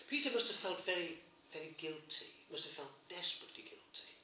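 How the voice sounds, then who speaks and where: A man, a priest, preaching a sermon, retelling a gospel story gently with emphatic repetitions. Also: on the high side, lively intonation, fairly quick, few pauses, reverberant, slight background noise.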